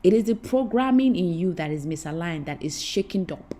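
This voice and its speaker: A woman's voice: on the low side, lively intonation, fairly quick, mellow. A woman speaking as a spiritual teacher in an impassioned, repetitive, preacherly way, addressing her listeners directly. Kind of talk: spiritual talk to camera.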